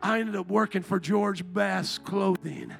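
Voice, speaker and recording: A man with a high, sharp voice and a gravelly edge preaches to his church. He tells stories full of joking asides and pulls the crowd in with call-and-response. Faint music plays softly behind him. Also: measured pace. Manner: shouts at peaks of praise. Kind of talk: sermon with storytelling. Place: church before a congregation.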